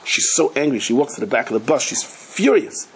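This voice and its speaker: A man giving a Torah class as a rabbi, telling parables with animated delivery and acting out the people in his stories. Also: mid-range voice, a little fast, background noise. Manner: animated storyteller, slips into character voices and Hebrew and Yiddish terms.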